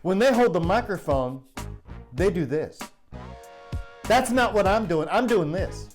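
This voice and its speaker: A man's voice: sits high, animated, unhurried, soft background music, voice pushed up. A man doing a sassy, self-important R&B diva. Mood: boastful. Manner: sassy, insistent, preening. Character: boastful self-important female R&B singer.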